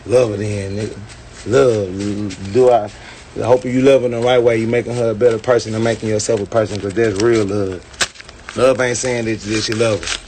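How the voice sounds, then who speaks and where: A man's voice: on the low side, steady tone, normal speed, a little mellow, a little hiss or hum. A man ranting and boasting in a brash, profane way on a phone livestream. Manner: brash, swaggering, preachy.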